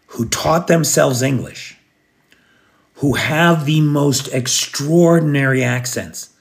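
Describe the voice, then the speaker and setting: American male host, gravelly, rambling and chatty on a live stream. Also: fairly high pitch, fairly bright tone. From United States. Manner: rambling, chatty, restarts and fillers. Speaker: livestream host. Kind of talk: casual live chat reading comments. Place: living in Kyiv, recording at home at night.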